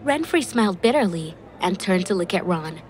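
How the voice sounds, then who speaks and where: A woman's voice: fairly low pitch, expressive, moderate pace. A woman reading a dramatic story as narrator. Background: faint background music.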